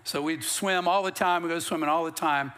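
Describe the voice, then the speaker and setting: A middle-aged male pastor preaching a sermon in a church, his voice sitting on the higher side for a man. He tells stories in a plain, conversational way, then builds into rising bursts of emphasis. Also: fairly even intonation, fairly quick, sharp tone. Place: church sanctuary.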